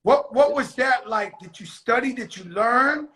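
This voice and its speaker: A man from the United States, the host of a casual chat show, talking in excited street slang with plenty of swearing. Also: very high-pitched, measured pace, poor audio.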